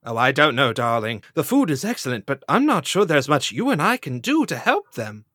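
Brief: prim, refined cartoon unicorn lady, lively pitch, played by a host, dry sound. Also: brisk, husky, no echo. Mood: airy. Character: refined, fussy female unicorn pony.

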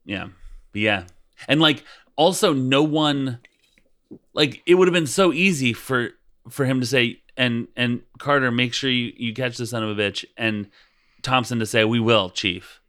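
A man co-hosting a podcast in casual chat, often giving short agreements and retelling scenes briskly. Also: mid-range voice, a bit bright. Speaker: podcast co-host.

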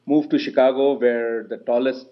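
A man's voice: mid-range voice, fairly even intonation, moderate pace. Easygoing man guest, dull remote line. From India. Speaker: podcast guest. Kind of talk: casual interview.

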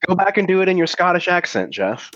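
A man's voice: high-pitched, sing-song, fast talker, fairly bright tone, no room sound, highs cut off. A man on an online call, joking around in casual banter with many fillers before a recording. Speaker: cast member of an audio drama. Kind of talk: casual pre-show banter. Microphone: online video call.

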